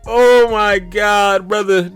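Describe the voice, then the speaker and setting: High-pitched guy reacting to posts, laughs a lot, lectures the brothers, faint music behind. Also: slow pace, clean tone, no echo. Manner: animated, laughs often, repeats exclamations; preachy, addresses "brothers" directly. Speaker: reaction video host. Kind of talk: commentary on social media posts.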